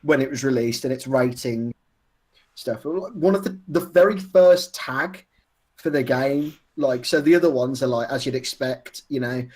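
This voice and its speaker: A man's voice: medium pitch, measured pace, a little mellow. Man, gaming podcast co-host, casual joking chat, reads out details.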